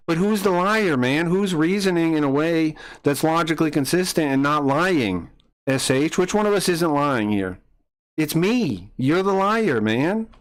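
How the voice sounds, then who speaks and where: Male streamer, slightly high voice, furious profane accusatory rant at chat. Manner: angry, profane, accusatory ranting. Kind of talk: heated live-stream argument with chat.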